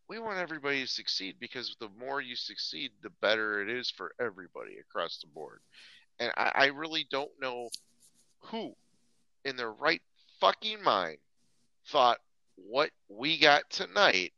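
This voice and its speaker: A man's voice: medium pitch, sing-song, measured pace, vocal fry, pushed and bright, dry recording, dull audio. A man co-hosting a podcast, ranting in a casual, profane way, stammering and restarting often. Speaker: podcast co-host.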